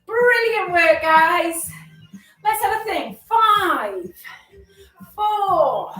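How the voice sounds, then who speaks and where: A woman's voice: extremely high pitch, expressive, very slow, pushed and bright, roomy sound, far from the mic, soft background music, rough recording. A woman exercise instructor leading a workout class, upbeat and encouraging, a bit out of breath as she moves along with it. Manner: upbeat, encouraging, chatty with self-deprecating jokes.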